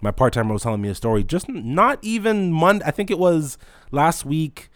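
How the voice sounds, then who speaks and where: Young man ranting with lively swings. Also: a little high, brisk, dry recording, clean studio sound. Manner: animated, exasperated, heavy swearing, mock-incredulous. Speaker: retail store manager. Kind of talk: storytime rant to camera.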